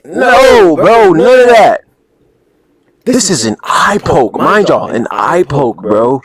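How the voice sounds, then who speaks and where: A man hosting a reaction video with casual, animated, slang-heavy commentary that keeps breaking into laughter. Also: high voice, takes it slowly, over a noisy crowd, rough recording.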